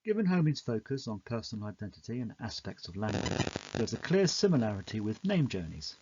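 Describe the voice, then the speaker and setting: A man reading a scripted, measured explanation of a poem in an educational narration. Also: on the low side, very animated, highs cut off, background noise.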